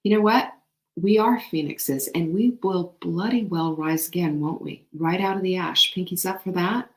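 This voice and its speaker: Woman host, low-ish voice, fervent pep talk, roomy echo. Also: normal speed. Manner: animated, emphatic, faith-inspired encouragement. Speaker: show host. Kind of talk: motivational talk. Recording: echoey room.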